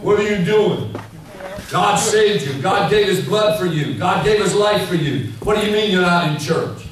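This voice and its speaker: A man voicing a big, stern German male church mentor who scolds loudly, heard in an echoey hall from far off. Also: sits high, expressive, normal speed, slight background noise, pitched above the performer's own voice. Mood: scolding. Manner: scolding, demanding.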